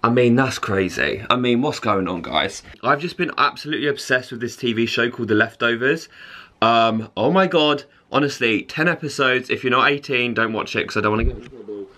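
A young man chatting excitedly to camera in a casual vlog, self-mocking and talkative. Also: mid-range voice, fairly quick, slight background noise. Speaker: vlogger. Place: in a car and out and about.

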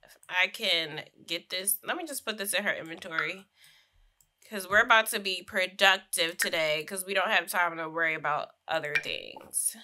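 Bright-voiced chatty young woman gaming. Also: on the low side, moderate pace. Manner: chatty, laughs often, slangy asides. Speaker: gaming streamer. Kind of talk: casual Sims gameplay commentary.

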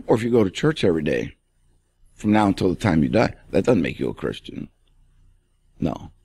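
A man's voice: sits low, sing-song, brisk, creaky, mellow, breathy edge. A male pastor preaching an emphatic radio sermon and speaking straight to the listener.

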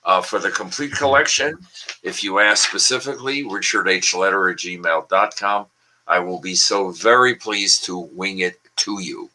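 An older man with a low, very bright and forceful voice, chatting over a video call. He rambles cheerfully through puns, with plenty of ums and uhs. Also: normal speed, low-quality recording. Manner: chatty, with frequent filler words and pun-laden asides. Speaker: language columnist and guest. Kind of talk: casual online wordplay talk.

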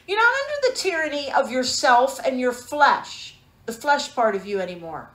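A woman's voice: high-pitched, very animated, normal speed, fairly bright tone. Echoey emphatic woman preacher. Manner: emphatic, calls for amens, rhetorical questions. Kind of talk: sermon.

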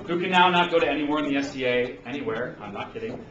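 A man's voice: mid-range voice, lively intonation, fast talker, music in the background. A man performing as a bard at a tavern, trading jokey banter with the crowd and singing a drinking song, often laughing. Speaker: bard and singer-songwriter. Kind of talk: live folk performance, joking banter and singing. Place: indoor tavern at a festival event. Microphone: handheld camcorder from the audience. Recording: distant, echoey, dull lo-fi camcorder sound. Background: loud instrument accompaniment.

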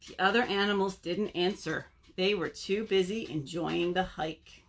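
A woman, a children's librarian, reading a story aloud at home for a virtual storytime, expressive and talking directly to the kids. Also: fairly low pitch, unhurried, a little hiss or hum.

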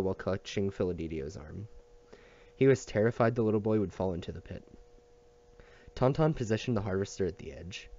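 Low, mellow male audiobook reader. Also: lo-fi sound. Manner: steady reading with small slips and restarts. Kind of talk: reading a novel aloud.

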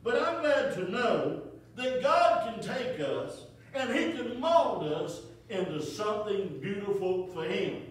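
A man preaching a funeral sermon as pastor, rising to emphatic calls and dropping to soft, quiet lines. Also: sits high, very animated, slow pace, hardly any pauses. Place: church sanctuary. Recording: echoey church from far off.

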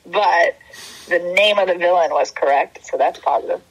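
Husky-voiced woman guest on a podcast. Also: on the low side, moderate pace, low-quality recording. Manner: frank, critical. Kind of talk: casual movie review chat.

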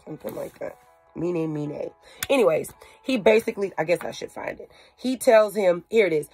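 A woman retelling a Bible story in a chatty, animated way, with slang and asides. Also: lowish voice, moderate pace, faint music behind. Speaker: Bible teacher.

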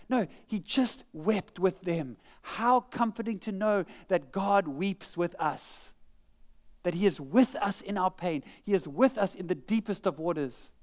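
A man preaching a sermon in church, conversational and humorous, joking at his own expense. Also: high voice. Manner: humorous, conversational preaching with self-mocking jokes. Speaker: pastor.

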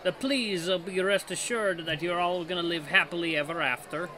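A man voicing a pompous, wolfish male speaker in a put-on fake French accent, with a slow, grandiose delivery. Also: high-pitched, pushed and bright, a faint crowd, slight background noise.

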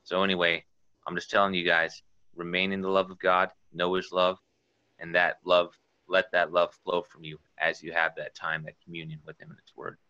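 A man's voice: low-pitched, level tone, normal speed, bright, forceful tone, dry recording. A man sharing an earnest, rambling testimony, quoting scripture as he preaches informally. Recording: dull lo-fi dry sound.

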